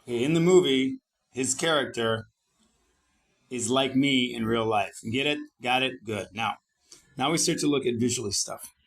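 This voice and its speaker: A man's voice: mid-range voice, measured pace, a bit bright. A middle-aged man from Italy, talking in a brash, combative monologue full of swearing while he edits his page. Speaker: founder and vlogger. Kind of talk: profane self-promoting monologue while editing a page.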